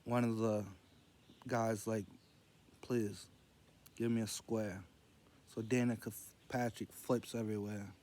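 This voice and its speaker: Slow, low-voiced man rambling. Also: little pitch movement, a little mellow. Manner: meandering, loose, quoting others in a low murmur. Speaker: vlogger telling jokes. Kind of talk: rambling casual storytelling.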